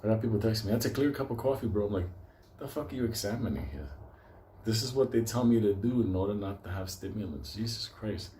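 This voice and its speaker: A man's voice: on the low side, fast talker, warm tone, a little hiss or hum. A man ranting casually to his viewers, swearing constantly, rambling and laughing often. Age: older. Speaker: stock market video host. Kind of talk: profane casual monologue to viewers.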